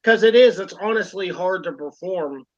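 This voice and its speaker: A man's voice: high-pitched, normal speed, a little mellow, lo-fi sound. A man co-hosting a wrestling podcast, talking casually and rambling with lots of fillers. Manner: rambling, lots of fillers and "you know what I mean". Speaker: podcast co-host.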